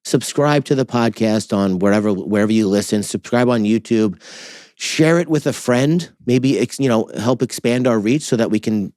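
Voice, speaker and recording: A man's voice: fairly low pitch, normal speed, darkish tone, dry recording. A man co-hosting a podcast, chatting casually, teasing his co-host and rambling through the intro with restarts. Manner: teasing, rambling, self-interrupting.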